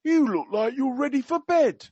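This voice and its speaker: A man putting on a blunt, tactless elderly gentleman with an attempted Cockney accent, his pitch pushed up for the quips. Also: expressive, moderate pace, breathy edge, dry recording, dull audio, full character voice. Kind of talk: comic impression in a podcast reading.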